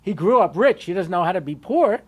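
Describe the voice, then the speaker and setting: A man's voice: brisk, slightly rough. A male rabbi giving a storytelling Torah lecture, conversational with lots of asides. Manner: conversational, many asides and "you know"s; animated, shifting pitch and loudness.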